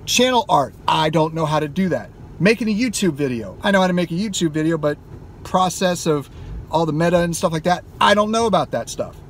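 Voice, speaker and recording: A man's voice: fairly high pitch, expressive, fairly quick, slight background noise. A man vlogging from inside a car, delivering an emphatic, heated rant and swearing freely. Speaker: gaming YouTuber. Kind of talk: impassioned car vlog rant.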